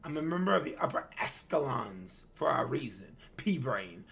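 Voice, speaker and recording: A man's voice: medium pitch, very animated, moderate pace, creaky, a bit bright, a little hiss or hum. A man voicing an arrogant rich young male student who talks in a pompous, sneering, emphatic way. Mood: haughty. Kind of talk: reading game dialogue aloud.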